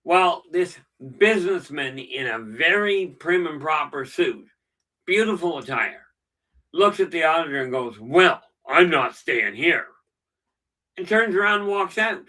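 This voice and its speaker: A man's voice: on the high side, lively intonation, moderate pace, pushed and bright, recorded from a distance, poor audio. A middle-aged man hosting a casual live stream, telling stories with dry jokes. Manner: chatty storyteller with dry jokes. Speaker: channel host.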